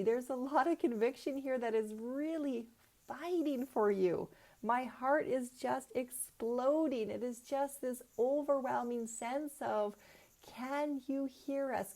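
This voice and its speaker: A middle-aged woman giving a spiritual oracle card reading at an unhurried, deliberate pace. Her voice sits fairly high, and she leans into her words with earnest emphasis, often asking rhetorical questions. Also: a little mellow.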